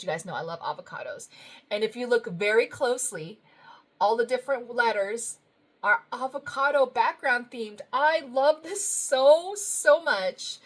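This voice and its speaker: A woman with a fairly high voice chats through her happy mail like a budgeting vlogger talking to friends. She gushes over every card, thanks each sender warmly, and laughs softly as she goes. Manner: gushing, effusive, lots of thank-yous and soft laughs. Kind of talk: casual vlog, opening happy mail.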